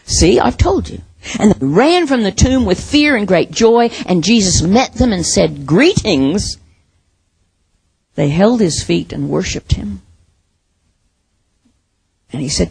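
A middle-aged woman preaching a sermon, expressive, with soft dramatic pauses. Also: medium pitch, vocal fry, slightly rough, dry recording.

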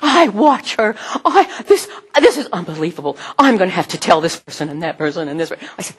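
Husky, animated woman preaching. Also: on the low side, a little fast. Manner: animated, chatty, laughs often, mimics sounds. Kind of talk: sermon with personal stories.

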